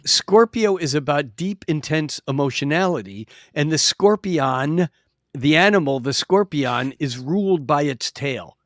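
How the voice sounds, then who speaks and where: A man's voice: fairly high pitch, animated, a little slow, no echo, clean studio sound. A man appearing as an astrologer guest on a podcast, explaining at length in an expansive storytelling way, with frequent restarts. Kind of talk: casual podcast chat. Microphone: podcast microphone.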